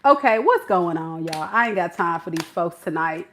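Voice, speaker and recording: A woman tarot reader giving a reading to the camera in an animated, playful, slangy way, laughing often. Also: on the low side, moderate pace, slight background noise.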